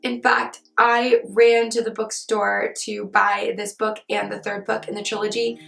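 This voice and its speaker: A young woman with a cold talks in a chatty, upbeat way as she reviews books in her vlog, her voice husky and hoarse. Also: medium pitch, little pitch movement, a little slow, a bit bright. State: sick with a cold. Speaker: book vlogger. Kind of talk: casual book review vlog. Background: faint background music.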